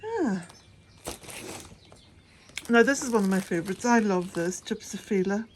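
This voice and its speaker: A woman's voice: mid-range voice, animated, unhurried, slight background noise. Chatty Irish woman, a bit breathless. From west of Ireland. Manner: chatty, rambling, laughs often. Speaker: cottage gardening vlogger. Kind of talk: casual chat to camera. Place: outdoors at a cottage garden and shed.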